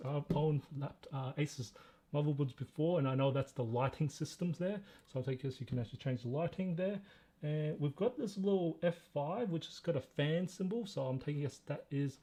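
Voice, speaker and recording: Man, slightly high voice, husky, live-stream tech unboxing, chatty and excitable, thinking aloud. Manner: chatty, thinks aloud, frequent delighted exclamations.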